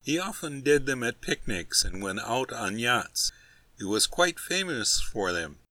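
A man's voice: mid-range voice, very animated, a little slow, pushed and bright, no room sound. A man reading a comic novel aloud as an audiobook narrator, in a wry, storytelling manner. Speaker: audiobook reader. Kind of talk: scripted narration.

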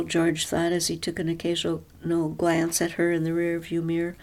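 A woman narrating a story in a measured, even storytelling manner. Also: fairly low pitch.

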